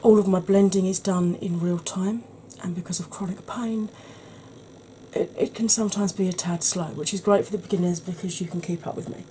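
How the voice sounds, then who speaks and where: Brief: woman, soft ASMR tutor, husky, mellow low voice, faint hiss. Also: fairly even intonation, a little fast, few pauses. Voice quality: slightly husky. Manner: chatty, explanatory, soft-spoken. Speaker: makeup tutorial host.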